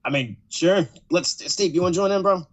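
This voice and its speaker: A man's voice: high voice, brisk. Laid-back male podcast host. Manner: laid-back, laughing, "yes sir" affirmations. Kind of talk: casual chat. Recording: dull lo-fi.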